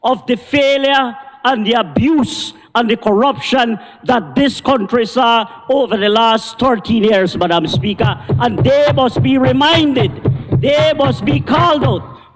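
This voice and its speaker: A Belizean-accented member of parliament with a very high-pitched voice delivers an indignant, combative debate speech at a measured pace. It takes place in a parliament chamber, and the recording carries the long reverb of a large room.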